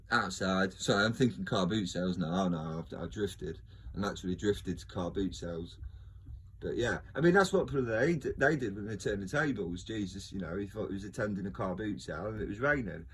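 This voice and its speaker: Man, husky, lowish voice, casual joking monologue. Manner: jokey, laughs often, trails off and restarts. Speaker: video host.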